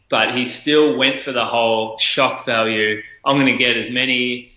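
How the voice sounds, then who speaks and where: Bright man in a roomy room. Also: fairly low pitch. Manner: animated storytelling, mocking quoted voices. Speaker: podcast co-host. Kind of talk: casual podcast chat. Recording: roomy, dull lo-fi sound.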